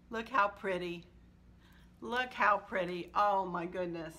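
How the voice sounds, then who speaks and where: Brief: woman decor vlogger, bright tone, gushing and sentimental, quick laughs. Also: medium pitch. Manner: warm, gushing and emotional, laughs often. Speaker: home decor channel host. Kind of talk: casual chat to viewers.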